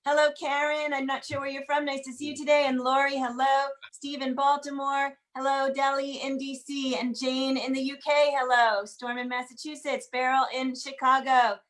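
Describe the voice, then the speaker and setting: Upbeat high-voiced woman hosting a video call. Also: flat delivery, fairly bright tone. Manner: upbeat, quick roll-call greetings. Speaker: host of an online group singalong. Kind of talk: casual welcome and announcements.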